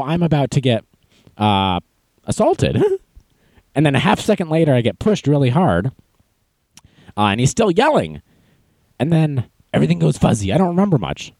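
A young man hosting a podcast, telling stories in a casual, self-mocking way and acting out quotes in a high voice. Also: a little mellow, no echo. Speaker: podcast host. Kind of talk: casual storytelling monologue.

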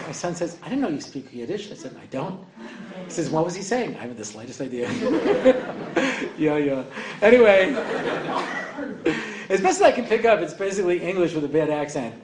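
An older man giving an evening lecture to an audience, rambling and joking with many asides. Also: on the high side. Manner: rambling and joking, heavy on "you know". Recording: echoey room, faint ambience.

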